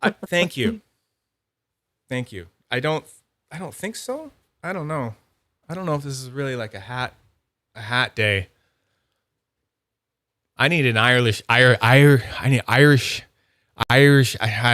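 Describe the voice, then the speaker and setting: Bright rambling young man hosting. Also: medium pitch, measured pace, long pauses, dry recording. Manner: rambling, self-interrupting, laughs often. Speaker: podcast host. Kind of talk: casual livestream chat.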